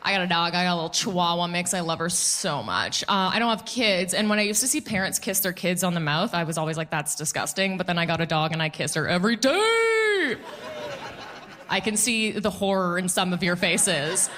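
A woman in her thirties performing a stand-up comedy set, telling stories with playful, animated delivery and mock voices. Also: on the low side, a little fast, slight background noise. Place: comedy club stage.

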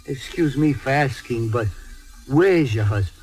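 A man's voice: medium pitch, lively intonation, unhurried, darkish tone, soft background music, lightly acted. An actor playing an emotional truck driver man who stammers and pleads. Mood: confiding. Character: tearful hot-tempered Italian-American truck driver man. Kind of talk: stage or film drama acting.

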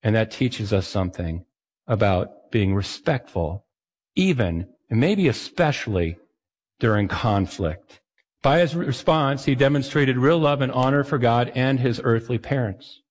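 A male pastor delivers a sermon in a relaxed, conversational way. He slips in self-deprecating asides as he goes. His voice sits in the middle range and carries a long hall reverb. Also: mid-range voice, unhurried.

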